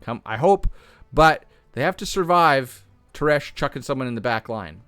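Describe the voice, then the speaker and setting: A man with a slightly hoarse voice reading game patch notes aloud and reasoning through them, often correcting himself mid-sentence. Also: medium pitch, expressive, moderate pace, a bit bright, dry recording, soft background music. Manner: thinks aloud, restarts and self-corrects. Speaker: gaming content creator.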